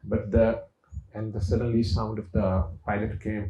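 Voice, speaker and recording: A man's voice: lowish voice, level tone, moderate pace, mellow. A middle-aged man, a doctor telling a personal story in a lecture with an anecdotal manner. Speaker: doctor and speaker. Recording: echoey, dull lecture sound.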